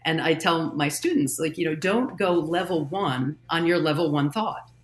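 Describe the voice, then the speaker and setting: Casting: female coach, podcast guest, animated and quick to laugh, playful with inner voices. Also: sits low. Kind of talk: conversational podcast interview.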